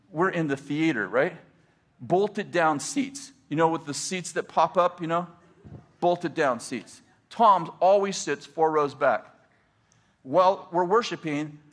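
A middle-aged man, a pastor, telling stories in a casual, animated way and laughing often as he talks. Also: high voice. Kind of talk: casual storytelling.

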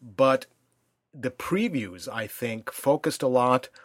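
Man, middle-aged, podcast host, thoughtful, measured, dry close sound. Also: medium pitch, animated, no room sound. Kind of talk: casual podcast chat. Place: home.

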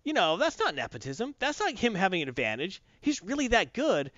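Guy with a high lively voice trashing a comic, swears a lot, dry dull recording. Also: a little fast, no echo. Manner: blunt and profane, mocking, animated. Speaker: comic book reviewer. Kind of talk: casual opinionated review chat. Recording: dull dry close-mic sound.

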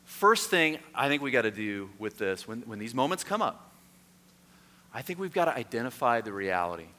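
Bright-voiced pastor in an echoey hall. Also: male voice, mid-range voice, moderate pace. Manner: conversational storytelling, lively and self-mocking. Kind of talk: sermon.

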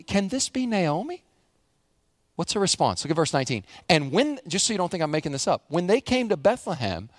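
High-voiced animated preaching man. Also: no room sound, clean studio sound. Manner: animated preaching with acted-out quotes. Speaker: pastor. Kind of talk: sermon.

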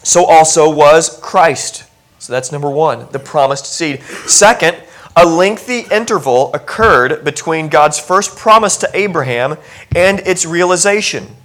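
A middle-aged man preaching a sermon to his congregation in a conversational, animated way, with humorous asides. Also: a little high, measured pace. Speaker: pastor.

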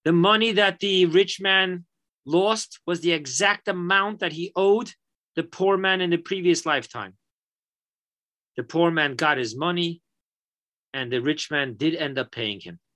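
A man teaching a Torah lesson, an animated and emphatic storyteller. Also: a little high, a little slow.

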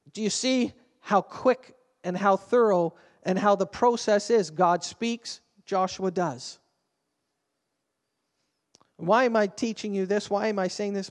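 A man in his fifties, a pastor preaching a sermon with an animated storytelling manner, swinging between quiet and loud. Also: sits high, long reverb tail.

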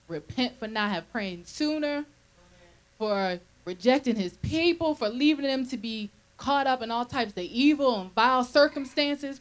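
Woman minister, conversational preacher; animated, chuckles between points, slightly high voice. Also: low-quality recording. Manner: animated, checks in with listeners often. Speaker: minister leading a Bible study.

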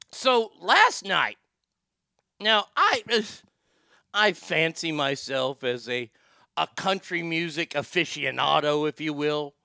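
Middle-aged male host from Texas, higher-pitched and gravelly, swears freely, tells rambling stories in a dry room. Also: no room sound. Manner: profane, animated, rambling storyteller. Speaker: podcast host, former sports broadcaster. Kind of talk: casual storytelling monologue.

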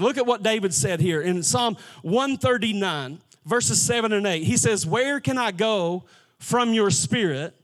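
A man's voice: sits high, a bit bright. A man pastor preaching a sermon in a church, talking in a conversational way and often restarting his words. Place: church sanctuary.

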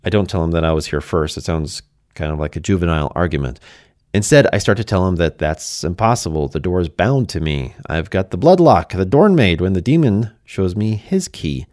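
A man's voice: low voice, lively intonation, brisk, a little mellow, no room sound, studio quality. A man narrating a first-person fantasy story in a conversational way, speaking to the listener directly.

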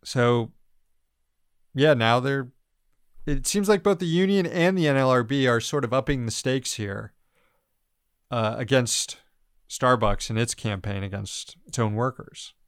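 A man's voice: mid-range voice, unhurried, pauses often, clear, resonant tone, no room sound, clean studio sound. Sarcastic man in political banter. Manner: sarcastic, profane, mocking voices of officials. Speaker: news podcast co-host. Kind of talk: casual political commentary.

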